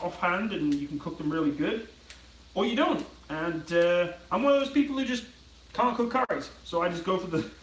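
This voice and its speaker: A man's voice: high-pitched, a bit bright, recorded from a distance, slight background noise. Chatty British man in an echoey kitchen. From Britain. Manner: rambling, chatty, reads viewer comments aloud. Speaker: cooking livestreamer. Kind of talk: casual livestream chat while cooking. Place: home kitchen.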